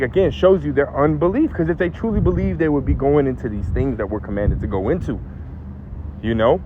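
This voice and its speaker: A man's voice: medium pitch, phone-quality sound, noisy background. A man giving informal religious commentary as a preacher, tagging nearly every phrase with "right?" or "man" and repeating words when he presses a point. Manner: casual, keeps adding "right?" and "man".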